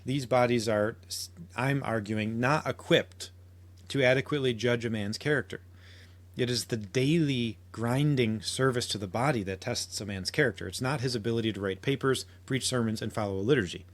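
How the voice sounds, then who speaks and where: A man's voice: mid-range voice, normal speed. A man hosting a podcast, making an earnest argument with frequent restarts and quotations. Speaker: podcast host. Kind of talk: solo podcast commentary.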